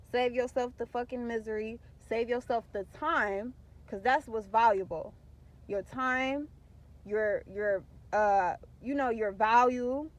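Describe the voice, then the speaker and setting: A woman's voice: a little high, muffled recording. A young woman, venting bluntly and profanely to camera in a candid vlog. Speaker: vlogger.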